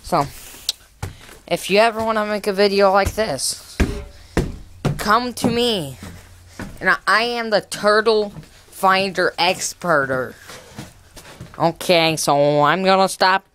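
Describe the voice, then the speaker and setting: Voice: medium pitch, slow pace, pauses often, noisy background. A vlogger rambling and joking in a goofy way while filming outdoors in snowy countryside on a handheld camera. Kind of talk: casual outdoor vlog.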